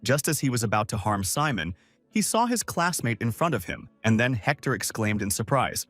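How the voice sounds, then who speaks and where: A man narrating a scripted story recap with animated intonation. His voice sits close and dry, with no room sound. Soft music plays faintly underneath. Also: mid-range voice, fairly quick, no echo.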